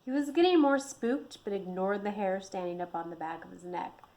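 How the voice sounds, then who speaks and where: A woman's voice: mid-range voice, moderate pace, darkish tone. Woman author reading her own novel. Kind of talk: audiobook narration.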